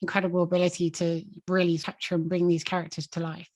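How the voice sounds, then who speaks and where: A woman's voice: on the low side, little pitch movement, quick pace. A woman hosting an interview, asking questions and admiring her guest. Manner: warm, admiring and complimentary. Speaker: interview host.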